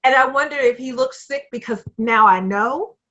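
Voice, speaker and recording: Over a video call, a podcast co-host chats casually about a movie and laughs easily. Her high-pitched, fairly bright voice comes at a moderate pace, but the audio from her home computer mic sounds dull.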